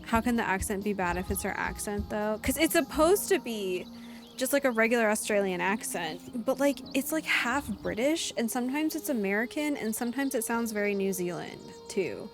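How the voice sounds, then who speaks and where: A woman streaming a video game live in casual, chatty commentary, animated and quick to laugh. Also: on the high side. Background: game music.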